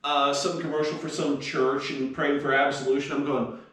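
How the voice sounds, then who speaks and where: A man's voice: on the high side, little pitch movement, moderate pace, a bit bright, distant mic. Wry man, off-mic in echo. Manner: laid-back, profane, wry. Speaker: podcast co-host. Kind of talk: casual chat. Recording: echoey room, off-mic.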